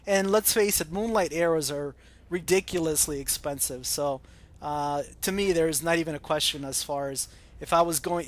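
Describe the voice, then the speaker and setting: Hesitant American man with a slightly high voice. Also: a bit bright. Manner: hesitant, many ums and uhs. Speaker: gaming channel host. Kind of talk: casual chat answering viewer comments.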